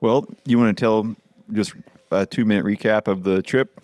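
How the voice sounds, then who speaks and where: A man guest in casual podcast chat, halting and searching for words. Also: lowish voice, darkish tone, dry recording.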